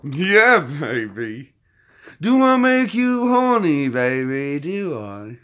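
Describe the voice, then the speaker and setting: A man's voice: on the high side, sing-song, slow, a bit bright, heavily acted. A man putting on a leering, put-on impression of a swinging spy playboy. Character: swinging British spy playboy, randy and smug.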